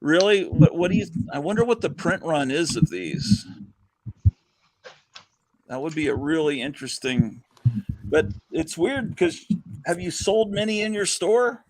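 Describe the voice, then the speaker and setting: A man's voice: a little high, animated, a little slow, long pauses, rough recording. An older man hosting a casual chat, rambling with fillers and chuckles. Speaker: host.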